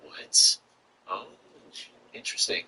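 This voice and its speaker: A man streaming a block-building game, thinking aloud and reacting with excitement to what he finds. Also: takes it slowly, in a whisper, recorded from a distance, low-quality recording. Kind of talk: live gameplay commentary.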